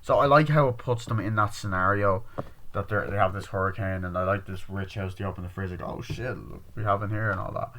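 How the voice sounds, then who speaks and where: A man's voice: low voice, fairly even intonation, quick pace, slight background noise. A man giving a rambling, casual spoken film review, acting out lines from scenes with heavy swearing. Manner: retells scenes acting out shouted, swearing quotes; rambling with many fillers. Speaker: movie reviewer.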